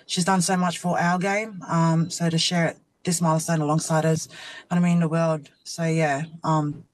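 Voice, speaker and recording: A woman's voice: sits low, little pitch movement, normal speed, no echo. A woman, a rugby league player, chatting as a guest and animatedly acting out quotes as she tells a story. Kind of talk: casual chat interview.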